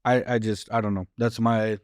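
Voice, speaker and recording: Agreeable man, low dry voice. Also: flat delivery, moderate pace, dry recording. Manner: agreeable, frequent short backchannels. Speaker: podcast co-host. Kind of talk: casual football podcast chat.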